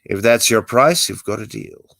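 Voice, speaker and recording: Casting: man reading a wisecracking weary Jedi hermit, low gravelly voice, swinging pitch. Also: normal speed, no echo, full character voice. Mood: wry. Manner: sardonic, lively delivery. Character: dry-witted exiled male Jedi master. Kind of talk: amateur script read-through.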